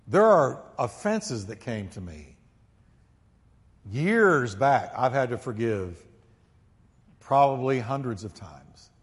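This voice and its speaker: A male pastor preaching a sermon emphatically, swinging from quiet, low asides to loud, ringing peaks and calling on the congregation to repeat after him. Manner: calls on the congregation to repeat lines. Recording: long hall reverb.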